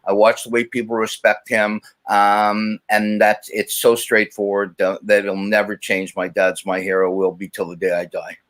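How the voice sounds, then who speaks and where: A man's voice: fairly low pitch, normal speed, hardly any pauses. A man, a guest on a talk show, telling personal stories and acting out the voices in them. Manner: animated storytelling, acts out quotes. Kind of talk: casual chat.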